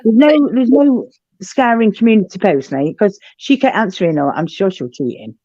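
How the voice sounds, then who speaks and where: A woman's voice: mid-range voice, lively intonation, moderate pace, mellow, no room sound. Woman on a dull, lo-fi phone call. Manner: loose and talkative, says "listen" and "my darling" a lot. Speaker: guest on a call. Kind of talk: casual chat.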